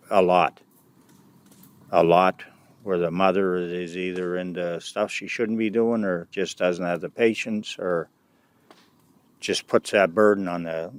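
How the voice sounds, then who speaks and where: A middle-aged man casually recounting his years of mentoring kids, speaking haltingly with frequent restarts and side remarks. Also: low voice, no room sound. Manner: halting and unpolished, with many restarts and "anyway" asides. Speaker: youth mentor recounting experiences. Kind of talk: casual personal storytelling.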